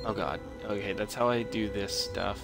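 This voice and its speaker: A man's voice: lowish voice, steady tone, normal speed. A man streaming a horror game live. He is jumpy and nervous and makes fun of himself as he plays. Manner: jumpy, nervous, self-mocking. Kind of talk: live gameplay commentary. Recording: voice over loud game music.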